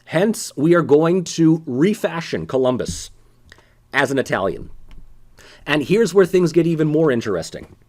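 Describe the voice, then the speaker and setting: A man's voice: on the high side, very animated, a little slow, darkish tone. A man giving a casual, conversational political science lecture with sarcastic asides.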